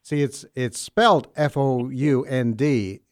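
A man's voice: mid-range voice, slow pace, no room sound, studio quality. A man co-hosting a call-in trivia radio show, jovial and teasing with callers. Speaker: radio co-host. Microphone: studio mic.

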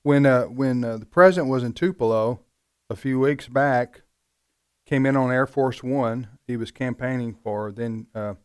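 A man hosting a talk radio show, chatting casually in a rambling way, with frequent pauses and restarts. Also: medium pitch, a little mellow, clear, resonant tone, no room sound, clean studio sound.

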